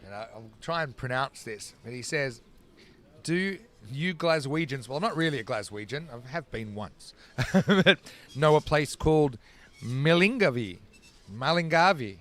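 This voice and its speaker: A man's voice: mid-range voice, lively intonation, moderate pace. A man from Australia commentating live cricket, chatting between balls and breaking off to call the play. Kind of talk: live sports commentary and chat.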